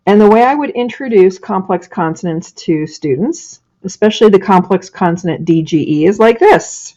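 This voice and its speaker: A woman giving a screencast teaching demonstration from her office, modeling a phonics lesson slowly and deliberately. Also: mid-range voice, lively intonation, dark tone, muffled recording. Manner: slow, deliberate classroom modeling, drawing out sounds. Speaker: teacher educator. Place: home office. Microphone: webcam or laptop microphone.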